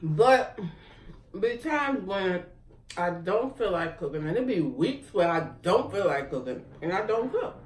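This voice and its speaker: Mukbang host, woman, animated voice that swings up and down, heard from a distance in an echoey room with faint background noise. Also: mid-range voice, measured pace. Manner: laughs often, relaxed and chatty between bites. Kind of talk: casual eating-show chat.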